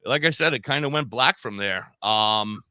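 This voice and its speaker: A man's voice: mid-range voice, moderate pace, bright, forceful tone, clean tone, no room sound. A man in his forties with a Long Island New York accent, co-hosting a podcast and telling a long story in a rambling way, swearing casually and restarting his sentences. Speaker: podcast co-host.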